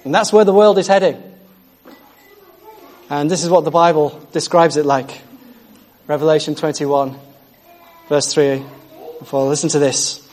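A man's voice: on the high side, steady tone, unhurried, pauses often, a little mellow. A man preaching a sermon with exuberant energy, repeating phrases for emphasis and calling out in joy.

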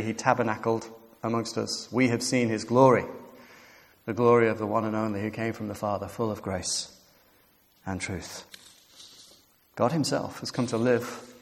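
A man preaching a sermon with animated emphasis, building to emphatic peaks and easing into quiet reflection. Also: lowish voice. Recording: long hall reverb.

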